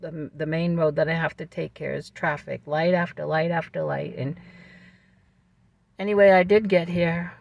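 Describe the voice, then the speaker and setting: A vlogger telling a personal story to camera in a calm, measured way, with fillers and restarts. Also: mid-range voice, creaky, no room sound.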